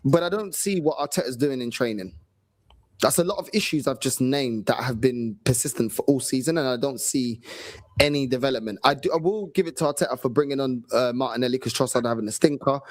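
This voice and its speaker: A man's voice: medium pitch, brisk. A man reviewing a match as a fan, listing his team's problems point by point. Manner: critical, lists problems point by point. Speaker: fan channel co-host.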